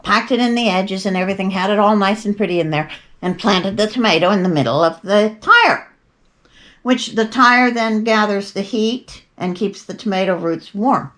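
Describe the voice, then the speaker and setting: Speaking at a moderate pace, an older woman hosting a podcast tells chatty, meandering stories with wry remarks and frequent tangents. Her voice is mid-range with a fairly bright tone.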